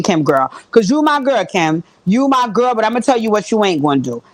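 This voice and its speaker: A woman recapping a reality show in casual, profane, animated chat, talking straight to her viewers. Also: mid-range voice, a little fast, hardly any pauses.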